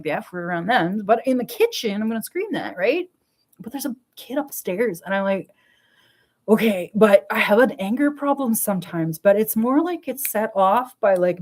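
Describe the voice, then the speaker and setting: Middle-aged woman, exasperated rant, casual, curses freely, laughs mid-sentence, medium pitch. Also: darkish tone. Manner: blunt, swearing, exasperated, laughing between words. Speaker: vlogger. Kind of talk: casual ranting monologue.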